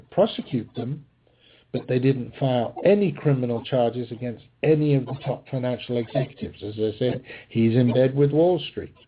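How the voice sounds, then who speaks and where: A man hosting a political commentary podcast, combative and sarcastic, talking with frequent fillers and restarts. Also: mid-range voice. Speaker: podcast host. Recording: tinny phone-line sound with faint hiss.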